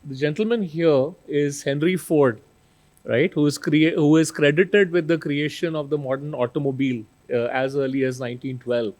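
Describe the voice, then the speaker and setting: A man's voice: a little high, steady tone, moderate pace, a little mellow. A middle-aged man giving a conference keynote, talking in a conversational way and often tagging "right?" onto his points. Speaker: keynote speaker. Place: conference hall stage.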